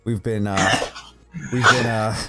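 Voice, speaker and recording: A man's voice: fairly low pitch, fairly even intonation, takes it slowly. A man chatting casually over voice chat before a tabletop game, rambling and restarting as he explains his setup. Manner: rambling, laughs often, restarts. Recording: desktop voice chat audio with faint music.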